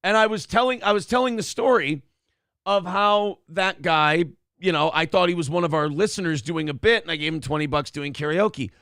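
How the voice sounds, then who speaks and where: Brief: male morning show co-host, animated, profane storyteller, slightly high voice, dry close studio sound. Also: moderate pace, no echo. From Minnesota. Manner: animated storyteller, swears, acts out quotes. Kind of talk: casual storytelling chat.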